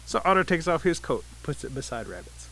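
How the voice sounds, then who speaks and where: Bright-voiced male storyteller. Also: on the high side, a little fast, vocal fry, a little hiss or hum, poor audio. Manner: relaxed, vivid scene-setting. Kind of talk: oral folk tale telling.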